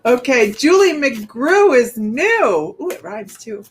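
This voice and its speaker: A woman's voice: on the high side, a little hiss or hum. A woman hosting a casual psychic livestream, rambling and chatty, a bit out of breath as she greets viewers by name. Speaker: psychic medium host.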